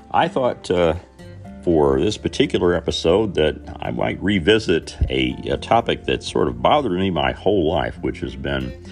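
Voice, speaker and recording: Very deep gravelly Southern Indiana man. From Southern Indiana, USA. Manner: rambling, halting with many fillers and restarts. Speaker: podcast host. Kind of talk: casual storytelling monologue.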